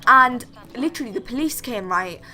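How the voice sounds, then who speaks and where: Chatty young woman, bright voice. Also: a little high, expressive, moderate pace. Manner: chatty, constantly says "like" and "literally". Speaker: vlogger. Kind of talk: storytime monologue.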